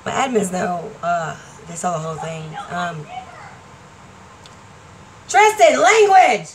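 A woman's voice: fairly low pitch, steady tone, moderate pace, a little hiss or hum, poor audio. A woman vlogger talking casually to the camera, rambling and laughing often. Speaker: vlogger and stage performer.

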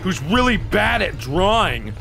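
A man giving excitable let's-play commentary, taunting the game and breaking into shouts and mock-dramatic rants. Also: high-pitched, a little slow. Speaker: gaming commentator. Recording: clear background noise.

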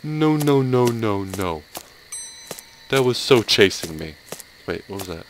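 Lively sarcastic man playing a horror game. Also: on the low side, takes it slowly, a little hiss or hum, poor audio. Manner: sarcastic, yelps and laughs at scares. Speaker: let's play host.

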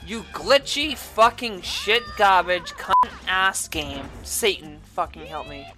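Woman, gameplay rant commentary, constant swearing, slow drawn-out delivery, wildly swooping pitch, mutters then screams. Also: huge pitch swings, loud music behind the voice. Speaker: gaming channel host.

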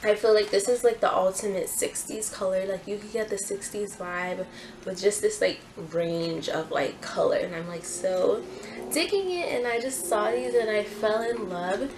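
Young woman, vlogger, casual haul chat, gushing, filler-heavy, mid pitch. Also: moderate pace, a little mellow, slight background noise, rough recording. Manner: chatty, gushing, lots of "like" fillers. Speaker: fashion YouTuber. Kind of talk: casual try-on haul vlog.

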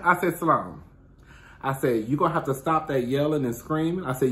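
Sassy, animated man gossiping to viewers. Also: medium pitch, a little slow. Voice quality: sassy, animated and expressive, calls listeners "girl" and "honey", swears freely. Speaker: host of his own talk stream. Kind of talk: casual storytelling to viewers.

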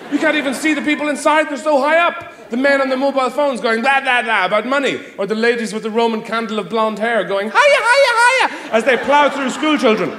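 Irish guy doing stand-up on stage, rambly and sarcastic, echoey hall, faint background noise. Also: a bit bright. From Ireland. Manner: rambling, sardonic, leaps into shrill mock voices. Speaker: stand-up comedian. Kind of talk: stand-up comedy. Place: theatre stage with live audience. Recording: live hall echo.

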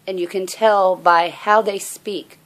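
A woman giving an earnest, halting personal faith message as a vlogger. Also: mid-range voice, fairly even intonation. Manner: soft-spoken, halting, earnest. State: out of breath. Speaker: religious vlogger.

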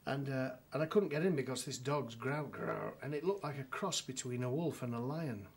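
A man's voice: medium pitch, moderate pace, husky. A middle-aged man with a northern English accent, telling a dry anecdote as a solicitor in a documentary interview, with many restarts and fillers.

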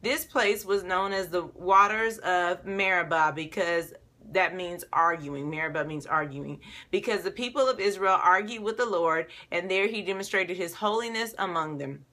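A woman giving a casual Bible devotional, talking conversationally with many fillers and acting out the story's speakers in lively voices. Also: on the low side, normal speed. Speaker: devotional teacher.

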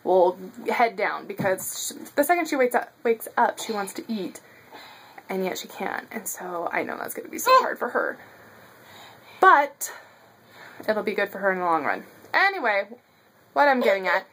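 A woman's voice: medium pitch, very animated, normal speed, a bit bright, breathy edge. A woman vlogging casually at home about her baby daughter, talking to the camera as a mother. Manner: chatty, coos to her baby. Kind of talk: casual vlog chat.

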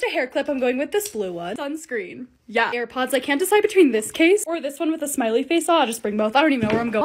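A young woman vlogger with a high voice talks quickly and brightly. Her pitch swings widely as she chats. There is faint noise in the background. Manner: bubbly, chatty, easily excited. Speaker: lifestyle content creator. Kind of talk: casual vlog voice-over.

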